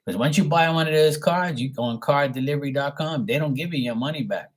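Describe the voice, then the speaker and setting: A man's voice: fairly high pitch, fast talker. A man, a show host telling a story in a blunt, profane and amused way. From Bermuda. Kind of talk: casual storytelling.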